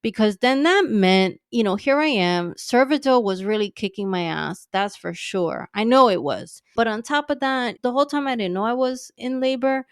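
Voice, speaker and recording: A woman guest in her thirties telling a story in a casual, animated way, sarcastic and laughing often, with some swearing. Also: a little high, moderate pace, few pauses, smooth, no room sound, studio quality. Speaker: podcast guest.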